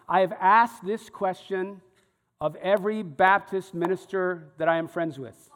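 Guy preaching a bible study sermon, fairly high voice, chatty, reads verses then breaks them down, big echoey hall. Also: steady tone, moderate pace. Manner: conversational, reads scripture aloud then explains it. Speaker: pastor. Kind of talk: sermon teaching through a Bible passage. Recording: long hall reverb.

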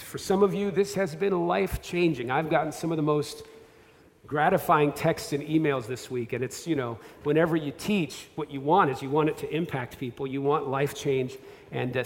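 Pastor preaching in a reverberant hall. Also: male voice, on the high side, darkish tone. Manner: conversational and self-deprecating, with asides and restarts. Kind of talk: sermon. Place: church sanctuary.

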